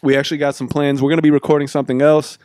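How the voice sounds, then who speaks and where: A man with a fairly high voice cohosting a loose, profane podcast chat, cracking jokes and laughing easily. The sound is dry and close, with no room around it. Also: level tone, a little mellow, smooth, no room sound. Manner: joking, profane, quick to laugh. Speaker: podcast co-host. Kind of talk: casual chat.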